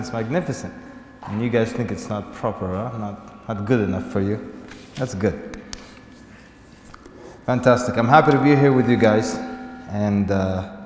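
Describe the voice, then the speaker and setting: Male lecturer giving a playful talk on a venue mic, in a hall with long reverb. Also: on the low side. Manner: joking, animated, mimics excuses in voices. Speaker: Islamic lecturer. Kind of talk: humorous religious lecture. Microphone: venue microphone. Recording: echoey hall, faint background noise.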